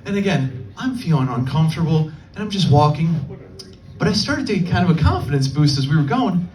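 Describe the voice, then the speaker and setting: A young adult man performing a stand-up set, telling a story and quickly slipping into the voices of people he quotes. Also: on the high side, very animated, darkish tone. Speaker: stand-up comedian. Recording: distant mic, faint room ambience.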